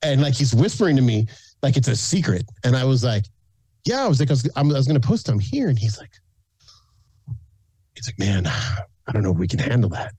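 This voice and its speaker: Animated storyteller man with a mellow voice. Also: mid-range voice, brisk, long pauses, slightly rough, no echo. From San Antonio, Texas. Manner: animated storyteller who acts out quoted people, laughs often. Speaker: guest, food content creator. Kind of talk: casual storytelling in a podcast interview.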